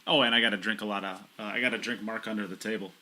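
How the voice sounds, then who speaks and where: A man co-commentates on pool in a fairly low but bright, forceful voice. He is playful and jokes freely with his partner between shots. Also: steady tone, very fast. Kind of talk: live sports commentary.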